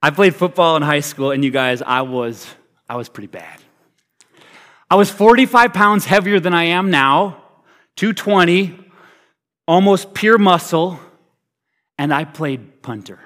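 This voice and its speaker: A man preaching a sermon as pastor, energetic and humorous, swinging between loud hype and quiet, hushed delivery. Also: on the high side, measured pace, pauses often. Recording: reverberant hall.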